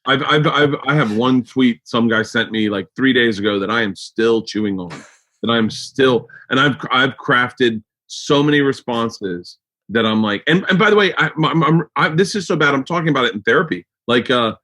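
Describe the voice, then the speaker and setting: A man's voice: mid-range voice, normal speed, pushed and bright. An American man hosting a podcast, talking in a rambling, profane way with lots of restarts. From United States. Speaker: podcast host. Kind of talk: casual chat.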